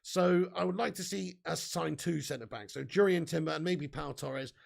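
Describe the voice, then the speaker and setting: A man's voice: fairly high pitch, moderate pace, gravelly. A young man hosting a live fan news stream, chatty and reading out viewer comments. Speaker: fan channel host.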